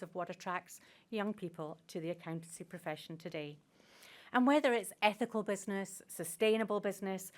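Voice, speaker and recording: Formal woman giving opening remarks. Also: medium pitch. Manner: measured, formal, gently emphatic. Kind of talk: prepared speech. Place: conference room with live audience.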